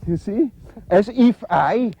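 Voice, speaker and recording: An older man, answering interview questions in a halting, reflective way with many fillers. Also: high-pitched, lively intonation, gravelly, dark tone, husky. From Switzerland. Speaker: interview guest.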